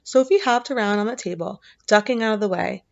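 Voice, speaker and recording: A woman narrating a storybook aloud, reading steadily and dropping into soft, casual asides. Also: medium pitch, a little fast, gravelly, lo-fi sound.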